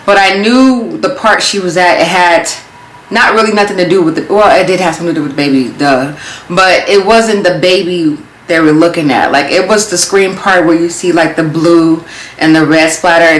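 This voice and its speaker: A young adult woman telling a story in a casual vlog, animated and acting out her own thoughts as she goes. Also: on the low side, normal speed. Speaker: vlogger. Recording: roomy echo.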